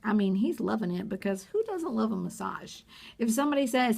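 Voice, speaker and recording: A woman's voice: on the high side, animated, normal speed, creaky. A woman giving a sarcastic, gossipy recap of a reality TV episode in a casual vlog. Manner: sarcastic, gossipy, acts out quotes.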